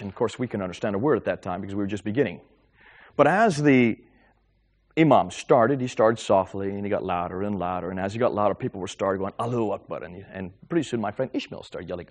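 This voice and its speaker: A middle-aged man giving a talk and answering audience questions about faith, telling stories in a lively, animated way. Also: fairly low pitch. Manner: animated, lively storytelling with quick repetitions. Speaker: Christian speaker taking audience questions. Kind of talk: lecture with audience Q&A.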